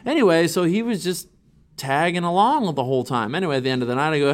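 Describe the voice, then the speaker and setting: A man, a stand-up comedian, telling crude stories in a brash, excitable way. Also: fairly high pitch, racing. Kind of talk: comic storytelling.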